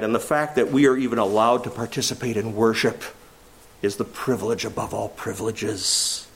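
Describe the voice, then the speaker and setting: A pastor preaches a sermon with intense delivery, his voice swinging from low and quiet to loud and raised. He stretches key phrases out slowly for emphasis.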